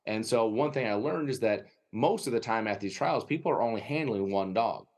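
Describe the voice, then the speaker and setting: A man with a Wisconsin accent, a guest telling a lively anecdote in an interview and often tagging his sentences with "right?". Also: lowish voice, brisk. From United States. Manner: lively anecdotal storytelling, frequent "right?" tags. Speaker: guest, dog trainer. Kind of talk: storytelling interview.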